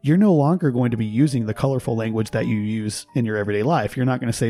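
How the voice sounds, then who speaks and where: A man from Texas, a linguist guest on a podcast, explaining his ideas in a measured, casual way, with faint music behind. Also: medium pitch, mellow. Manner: explanatory, measured, laughs at his own examples. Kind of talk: casual conversation.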